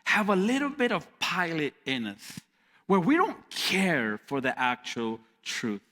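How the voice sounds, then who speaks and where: An animated pastor delivers a sermon with a high, bright voice that leaps around in pitch. He repeats key lines for emphasis. The sound carries with a long reverb from a church hall.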